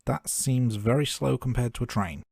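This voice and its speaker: A man's voice: mid-range voice, moderate pace, vocal fry, a little mellow, slightly rough, no room sound, studio quality. A man co-hosting a film review podcast, chatting casually and raising wry, jokey questions about the plot. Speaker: podcast co-host. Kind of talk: casual movie review chat.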